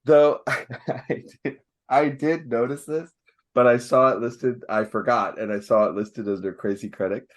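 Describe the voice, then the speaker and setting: A man's voice: medium pitch, steady tone, measured pace. A man in casual podcast chat, laughing often, swearing and slipping into impressions. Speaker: podcast co-host.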